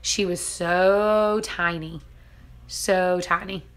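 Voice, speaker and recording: A woman's voice: fairly low pitch, steady tone, drawn-out words, a bit bright, clean tone. A woman in her thirties, a vlogger and mother, chatting casually and telling stories, acting out quotes and laughing often. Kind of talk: casual chat.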